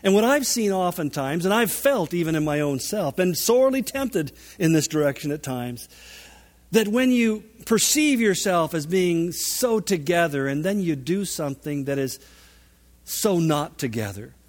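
A man preaching a sermon, animated and emphatic, with dramatic shifts in volume. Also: on the high side, normal speed. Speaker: pastor. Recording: long reverb of a large hall.

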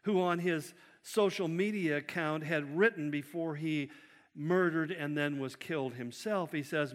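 A man preaching a sermon, with an animated delivery that acts out quotes by shifting his pitch and loudness. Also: measured pace. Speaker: pastor. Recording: long hall reverb.

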